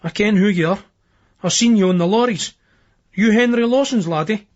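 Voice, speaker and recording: A man's voice: high voice, normal speed, lo-fi sound, pitched above the performer's own voice, close to an everyday voice. A man voicing an older, drunken, easygoing Scottish man in an audiobook reading. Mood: gruff.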